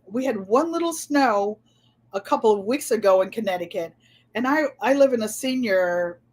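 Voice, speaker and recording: An older woman with a New England accent, chatting casually through tag questions and telling stories with easy laughs and repeated words. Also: mid-range voice. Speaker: vlogger.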